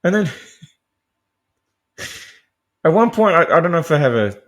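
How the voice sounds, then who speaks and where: On his podcast, a man goes over a film in a chatty, foul-mouthed ramble, laughing a lot and restarting and filling pauses as he digresses. His voice runs high with big pitch swings, at normal speed.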